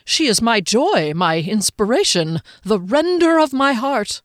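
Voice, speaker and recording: A woman's voice: fairly high pitch, very animated, unhurried, no room sound, voice pushed up. A fussy little halfling gambler, put on by a woman reading aloud, with a raised, courtly voice. He speaks in formal, ornate phrases. The storybook reading sounds dry and close. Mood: rapturous. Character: fussy, flowery-spoken male halfling gambler.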